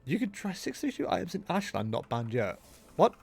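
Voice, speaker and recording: A young man chats away while he plays a game on stream, rambling from one thought to the next and joking as he goes. His voice sits a little high, and his pitch bounces around a lot as he talks. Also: huge pitch swings, brisk, gravelly, slight background noise. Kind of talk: casual live-stream chatter while gaming.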